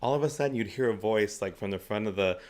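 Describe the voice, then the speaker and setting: Male actor, 40s, interview guest, lowish voice, anecdotal and laughing, gives practical stage tips. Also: fast, darkish tone. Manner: chatty, laughs often between stories.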